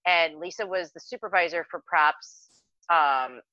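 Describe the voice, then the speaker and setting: A woman co-hosting a podcast, telling a story in a casual, excitable, animated way and swearing freely. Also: fairly low pitch, unhurried, no room sound. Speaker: podcast co-host. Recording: dry, dull lo-fi recording.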